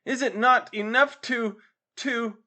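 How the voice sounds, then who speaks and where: A man's voice: very high voice, fairly even intonation, takes it slowly, bright, forceful tone, voice pushed up, exaggerated voice. A man voicing an overwrought, romantic young man in a storybook reading. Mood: indignant. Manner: overwrought, theatrical outbursts.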